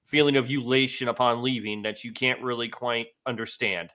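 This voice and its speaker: A man's voice: mid-range voice, moderate pace. A young man co-hosting a casual podcast, chatting loosely and acting out quotes in funny voices. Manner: animated storyteller, acts out quotes in funny voices. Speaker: podcast co-host. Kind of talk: casual chat.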